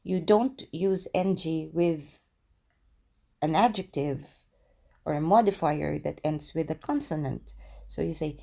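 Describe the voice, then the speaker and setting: A woman with a Filipino accent giving a casual language lesson, slowly repeating words for practice. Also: low-pitched, creaky, warm tone. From Philippines. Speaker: language teacher.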